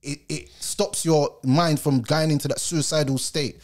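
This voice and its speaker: A man's voice: fairly high pitch, steady tone, unhurried, darkish tone. A man, a podcast host speaking earnestly and reflectively in casual chat, using street slang.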